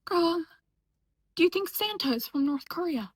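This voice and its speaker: A woman's voice: very high-pitched, expressive, normal speed, heavy background noise. A young woman from upstate New York, chatting casually and sarcastically as she reacts to clips, often laughing. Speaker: reaction vlogger. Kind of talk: casual chat.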